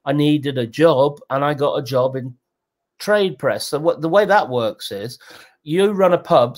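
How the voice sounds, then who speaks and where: Animated man in his sixties. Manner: animated, jumps in pitch, acts out quotes. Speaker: guest. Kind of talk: candid storytelling in a conversational interview.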